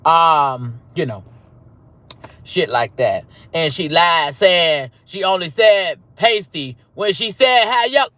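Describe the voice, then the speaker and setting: A man hosting a casual livestream roll call, profane, swinging between loud greetings and low mutters. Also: lively intonation, slow, no echo. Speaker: livestream host.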